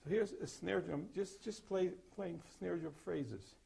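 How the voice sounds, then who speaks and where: A man's voice: sits high, unhurried, vocal fry, very noisy. An older man teaching a percussion master class, explaining articulations and singing short example notes. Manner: explains then sings or plays examples.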